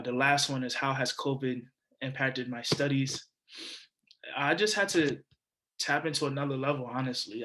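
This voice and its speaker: A man's voice: mid-range voice, a bit bright, low-quality recording. A young man from New York City, a student leader giving an upbeat, encouraging talk to prospective students over a video call. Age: young adult.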